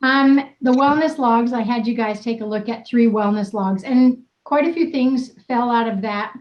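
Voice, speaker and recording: Upbeat lady coach on a video call, teasing and blunt, kinda high voice, dull lo-fi audio. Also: moderate pace, reverberant. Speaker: wellness coach hosting group session. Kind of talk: casual coaching chat.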